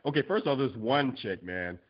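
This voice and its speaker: A man co-hosts a podcast, telling stories in casual chat as an animated storyteller who acts out quotes and laughs often. His medium-pitched, husky voice moves fairly quickly, and the highs in the audio are cut off.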